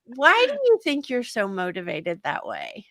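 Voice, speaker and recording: A woman's voice: medium pitch, wildly swooping pitch, a little slow, a bit bright, no echo. A woman hosting a conference panel, enthusiastic and emotional, laughing often as she praises her guest.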